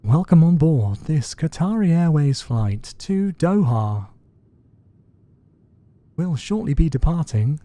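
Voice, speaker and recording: A man putting on a slow, grand airline cabin announcer. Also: fairly high pitch, sing-song, dark tone, dry recording, pitched below the performer's own voice. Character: pompous airline cabin announcer, adult male. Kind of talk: mock in-flight announcement.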